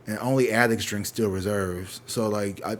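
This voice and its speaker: A man with a St. Louis accent telling a swearing-heavy story, casual and animated, acting out what other people said. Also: fairly low pitch, moderate pace, a little hiss or hum. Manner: profane, animated, acts out other people's lines. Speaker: tarot reader telling a story.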